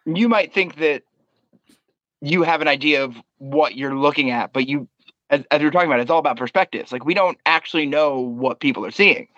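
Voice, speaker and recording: A man with a somewhat high voice muses about bar work, stumbling over repeated words as he thinks aloud. The sound is dry and a little dull, like a cheap mic. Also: brisk, a bit bright, dry recording. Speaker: bar worker, co-host. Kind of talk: casual podcast chat.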